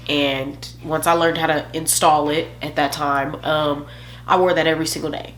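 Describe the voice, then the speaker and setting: Young woman vlogging, low voice, real candid and emotional, little hum in the background. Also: steady tone, measured pace, fairly bright tone. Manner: candid, emotional, self-joking. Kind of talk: personal storytelling vlog.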